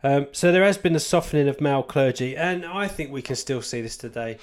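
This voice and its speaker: A Christian author gives an informal, rambling talk about church life, speaking candidly with self-deprecating asides and emphatic repetition. His mid-range voice moves at a brisk pace.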